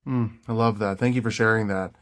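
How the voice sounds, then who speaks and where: A man hosting a podcast interview, talking in a warmly encouraging and playful way, often repeating phrases. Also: on the low side, fairly even intonation, brisk. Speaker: podcast host. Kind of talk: casual interview chat.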